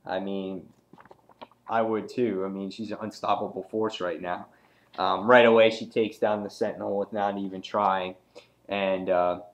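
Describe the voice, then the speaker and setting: A man hosting a casual comic book review video, talking loosely with many fillers and reading out the characters' lines in a raised voice. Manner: relaxed and rambling, many fillers, acts out quoted lines in a higher voice.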